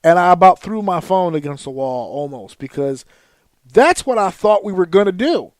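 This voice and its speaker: A man's voice: high voice, animated, moderate pace, no echo. A man in his thirties hosting a podcast, telling a profane, exasperated story in a casual rant. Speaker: podcast host. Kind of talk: casual ranting monologue.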